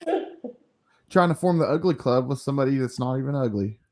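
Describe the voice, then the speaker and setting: A man's voice: medium pitch, lively intonation, a little fast, darkish tone. A man hosting a livestream, reading comic panels aloud and chatting easily with friends. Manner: easygoing, chuckles while reading. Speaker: host.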